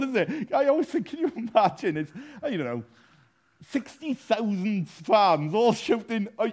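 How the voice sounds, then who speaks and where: A man's voice: sits high, big pitch swings, moderate pace, darkish tone. Humorous male preacher. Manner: humorous anecdotal, self-deprecating, laughs at own jokes. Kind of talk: sermon with storytelling.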